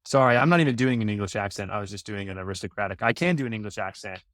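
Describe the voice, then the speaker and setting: A man's voice: on the low side, rapid-fire, fairly bright tone, dry recording, clean studio sound. A man chatting as a podcast guest, telling rambling stories full of "like" and "you know.". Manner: rambling storyteller, lots of fillers. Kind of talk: casual podcast chat.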